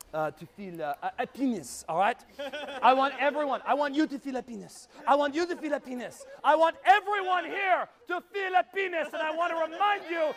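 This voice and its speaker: A man voicing an exaggerated Frenchman on stage, rambling and mock-serious, with a put-on French accent. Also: very high voice. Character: boastful exaggerated Frenchman comedian, adult man. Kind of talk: stand-up character comedy.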